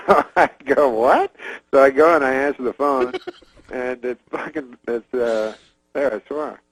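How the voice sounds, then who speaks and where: A man's voice: medium pitch, measured pace, a bit bright, poor audio. A man comedian casually telling a long story, rambling with many fillers and frequent chuckles, on a remote call. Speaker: comedian guest.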